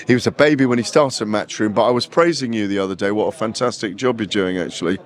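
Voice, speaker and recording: A man's voice: on the low side, quick pace. A boxing journalist chatting playfully in a casual interview, joking and tripping over his words. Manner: playful, joking, stumbles and restarts.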